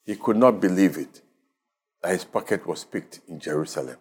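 A male pastor with a Ghanaian English accent delivers a radio sermon in a lowish voice. He speaks in measured, emphatic phrases and lifts his pitch on the words he wants to land. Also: animated, darkish tone, slightly rough. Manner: measured, emphatic preaching with rising stresses.

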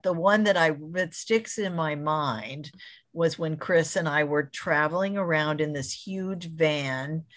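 Laughing woman guest, lowish voice. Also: unhurried, fairly bright tone. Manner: chatty, laughs often while telling stories. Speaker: museum professional, guest. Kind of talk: casual storytelling interview.

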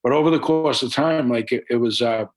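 A man's voice: medium pitch, brisk, poor audio. A man with a Boston accent, a guest talking casually and rambling a little on a video call from home. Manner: laid-back, rambling with fillers. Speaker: podcast guest, rapper and actor. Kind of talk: casual interview chat.

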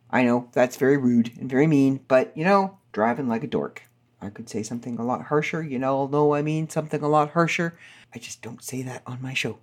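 A woman hosting her podcast, telling stories in an animated, sarcastic, ranting way. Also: extremely low pitch, a little fast. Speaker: podcast host. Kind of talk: casual chat.

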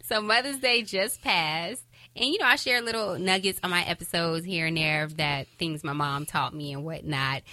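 A woman's voice: fairly low pitch, moderate pace, a little hiss or hum. A woman hosting a podcast in casual, heartfelt talk, cheering listeners on with emphatic repetition. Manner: warm, encouraging, emphatic repetition. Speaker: podcast host.

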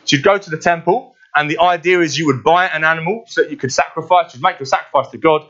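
Pastor with a fairly high voice. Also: male voice, quick pace, fairly bright tone, muffled recording. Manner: conversational, keeps asking "yeah?". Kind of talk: sermon.

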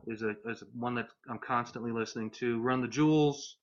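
A man chatting casually as a guest, relaxed and thoughtful, with some hesitation. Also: mid-range voice, brisk, muffled recording. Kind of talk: casual chat.

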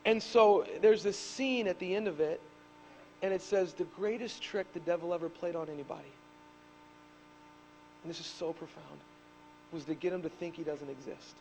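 A man in his thirties preaching a sermon as pastor, telling stories animatedly and rising to shouts on key points. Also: fairly high pitch, moderate pace, long pauses, slight background noise, low-quality recording. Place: church.

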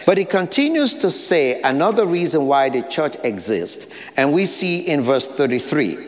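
A man's voice: on the high side, very animated, moderate pace, few pauses, big-room sound. A man with an African accent, preaching a sermon as pastor, earnest, with short repeated phrases and light asides. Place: church sanctuary.

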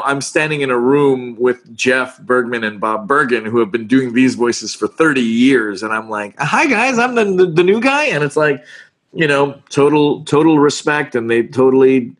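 Animated man, voice actor chatting. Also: mid-range voice. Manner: animated, fast, restarts words. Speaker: voice actor guest. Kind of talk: casual interview chat.

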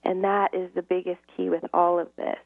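A middle-aged woman, a guest in a casual interview, tells stories earnestly, acting out dialogue and laughing often. Her lowish voice is flat and fairly quick, heard over tinny, dry phone-line audio with no echo.

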